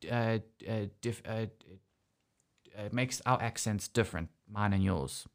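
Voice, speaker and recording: Chatty South African host. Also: male voice, lowish voice, unhurried. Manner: chatty, rambling, self-correcting. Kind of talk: casual studio interview. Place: studio.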